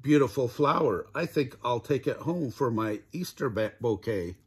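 An older man voicing a gushing, delighted woman in a storybook, with a husky voice. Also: medium pitch, lively intonation, moderate pace.

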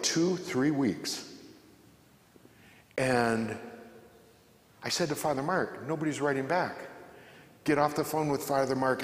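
A man giving a fervent, emphatic spoken testimony to a church audience, repeating his own prayers aloud. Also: mid-range voice. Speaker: Catholic speaker giving a witness talk. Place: large church. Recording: echoey church hall, long reverb.

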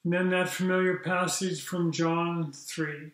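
Pastor, male, slow deliberate liturgical reading, slightly high voice, roomy church echo. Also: little pitch movement, fairly bright tone. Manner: slow, measured reading with small fillers. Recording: echoey church room.

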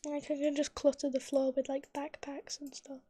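A woman's voice: high-pitched, level tone, moderate pace, warm tone. A woman streamer giving casual gameplay commentary, thinking aloud in a mutter that sometimes drops to a whisper.

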